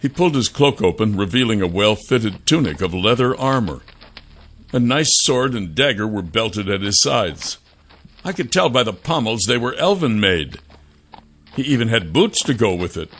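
Expressive, bright-voiced male audiobook narrator. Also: fairly low pitch, normal speed. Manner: expressive storytelling. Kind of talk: first-person scripted narration.

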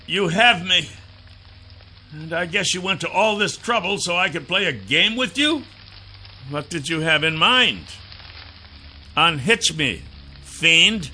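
A man's voice: on the high side, pushed and bright, pitched above the performer's own voice, exaggerated voice. A man voicing a cocky, wisecracking male dragon in an audiobook. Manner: quick, cheeky banter. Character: cocky, wisecracking male dragon, vain about his hair.

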